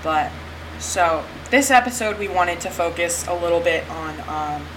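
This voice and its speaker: A woman's voice: fairly low pitch, lively intonation, a little slow. A woman co-hosting a podcast in casual chat, rambling, repeating herself and laughing often. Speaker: podcast co-host. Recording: background noise on the track.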